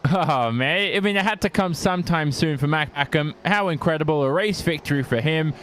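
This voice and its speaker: A man chatting as a co-commentator after a sim race, easily impressed and relaxed. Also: a little high, brisk, a little hiss or hum. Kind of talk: casual race commentary banter.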